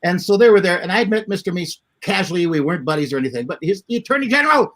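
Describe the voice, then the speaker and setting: A man's voice: high voice, animated, very fast, a bit bright. A man telling wry anecdotes as a guest on a casual livestream chat. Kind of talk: storytelling.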